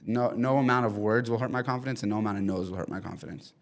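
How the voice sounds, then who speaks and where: Young man telling a lively story. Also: lowish voice, racing, creaky. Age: 20s. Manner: animated storytelling with many fillers. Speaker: podcast guest. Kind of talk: casual chat. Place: studio in the city.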